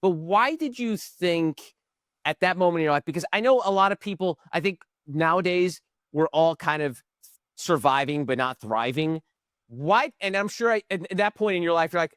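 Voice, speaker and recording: A man's voice: fairly high pitch, moderate pace, no room sound, clean studio sound. A man hosting a podcast, asking long, chatty, upbeat questions and thinking aloud as he goes. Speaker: podcast host. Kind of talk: conversational interview questions.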